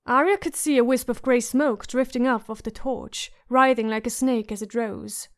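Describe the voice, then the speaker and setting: A woman narrating an audiobook in a measured, suspenseful way. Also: fairly high pitch, steady tone. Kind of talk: scripted narration.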